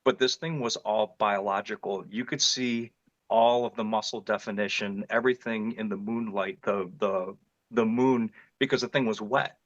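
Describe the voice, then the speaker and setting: A middle-aged man from northeast Ohio tells his story in a low voice, earnest and detailed, often circling back to restart a phrase. The sound is dry, with no room around it, and a little dull and lo-fi. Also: steady tone, moderate pace, a bit bright, dry recording. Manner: earnest, vivid retelling with frequent restarts. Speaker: interview guest recounting an encounter. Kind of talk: personal storytelling in an interview.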